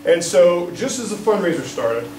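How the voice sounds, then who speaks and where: A man, a political candidate, gives an indignant, animated speech at a press conference and keeps checking in with the crowd. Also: high voice, moderate pace, faint music behind. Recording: roomy, distant mic, faint background noise.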